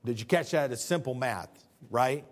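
A middle-aged male preacher giving a sermon, rising to loud emphatic points and dropping to near-whispers, quoting scripture in old-fashioned wording. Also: mid-range voice, moderate pace.

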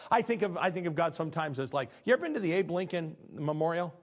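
A man in middle age delivers a sermon from the pulpit. His voice sits a little high for a man. He drops to near whispers and climbs to fervent, shouted peaks. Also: expressive, fast. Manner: preaching with big swings from hushed to shouted. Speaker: pastor.

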